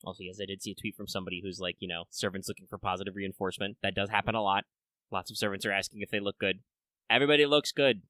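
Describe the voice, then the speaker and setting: A podcast host with a deep, forceful, bright voice races through his explanations to listeners with fairly even intonation. He rambles casually, padding his talk with filler words and restarts. The recording is close and dry, with no echo.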